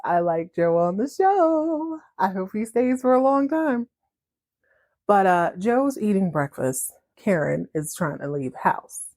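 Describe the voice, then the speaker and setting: A woman hosting a podcast, recapping a story in a chatty, animated way and laughing often. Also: medium pitch, slow pace. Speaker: podcast host.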